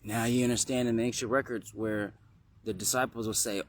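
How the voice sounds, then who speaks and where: Rambling, husky-voiced male spiritual teacher. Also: medium pitch, fairly even intonation, normal speed. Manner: rambling, musing, drifts into chanted lists.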